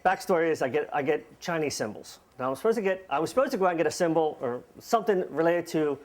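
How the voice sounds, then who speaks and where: A man's voice: a little high, animated. A man telling a funny personal story on stage at a live storytelling event, casual and self-mocking, laughing as he goes and acting out the dialogue. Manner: acts out dialogue with quick voice shifts.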